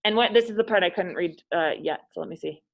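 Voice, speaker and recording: A woman's voice: on the low side, fast, rough recording. A woman hosting a casual literature discussion, chatty, retelling scenes in everyday speech.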